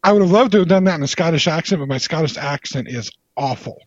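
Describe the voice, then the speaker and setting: A man's voice: on the high side, expressive, fast talker, no room sound. A man hosting a casual podcast chat, rambling with lots of hesitations. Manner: rambling, many fillers and hesitations. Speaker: podcast host. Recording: dull, lo-fi sound.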